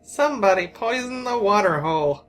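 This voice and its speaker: A woman's voice: mid-range voice, animated, moderate pace, lightly acted, poor audio. A woman putting on a hammy mock American drawl and playing a brash cowboy version of herself. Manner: hammy, corny catchphrases. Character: cowboy-talking American alter ego, brash.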